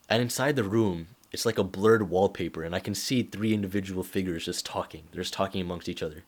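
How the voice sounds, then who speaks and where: A man's voice: low-pitched, fast talker. A young man talking casually to camera, giving advice and acting out little stories with quoted voices. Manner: animated storytelling with acted-out quotes.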